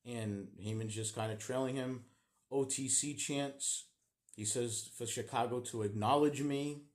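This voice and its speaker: Man, casual monologue, animated play-by-play retelling, loose with fillers, mid-pitched voice. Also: measured pace. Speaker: wrestling show recapper.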